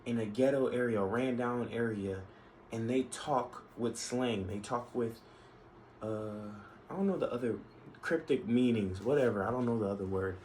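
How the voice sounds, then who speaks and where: A man vents in a casual opinion vlog, rambling with lots of restarts and asides. His mid-range voice is a little mellow and moves at a moderate pace, on a low-quality recording with faint background noise.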